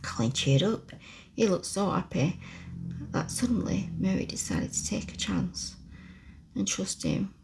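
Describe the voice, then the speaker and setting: A woman reading a classic children's book aloud in a slow, soft whispered role-play. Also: lowish voice, huge pitch swings, creaky, slight background noise. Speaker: ASMR storyteller.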